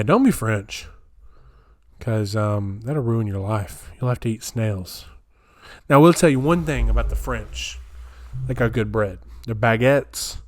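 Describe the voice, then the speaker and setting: A man's voice: medium pitch, no room sound, studio quality. A young man hosting a solo comedic podcast, rambling and incredulous as he riffs while reading aloud. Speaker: podcast host. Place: small home room, camera on floor.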